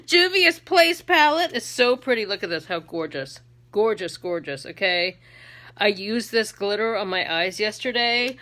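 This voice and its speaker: A middle-aged woman chatting casually through a makeup tutorial, laughing often and breaking into shrill put-on accents. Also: lively intonation, a little slow, pushed and bright. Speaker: beauty vlogger and makeup seller.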